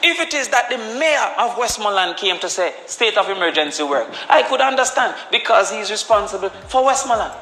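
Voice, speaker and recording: A man's voice: sits high, lively intonation, fairly quick, hardly any pauses, bright, forceful tone. A man with a Jamaican accent giving an argumentative parliamentary speech. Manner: argumentative, emphatic. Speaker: politician. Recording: echoey chamber reverb.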